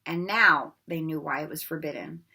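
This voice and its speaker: A woman reading a children's novel aloud with expressive, dramatic storytelling. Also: low voice, moderate pace, husky. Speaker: read-aloud narrator. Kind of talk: children's book read-aloud.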